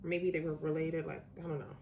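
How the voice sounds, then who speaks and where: A middle-aged woman telling a personal story to her viewers, chatty and digressive, getting animated when she recalls moments. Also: low voice, fairly quick, slight background noise. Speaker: vlogger telling personal stories. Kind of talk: casual storytelling to camera.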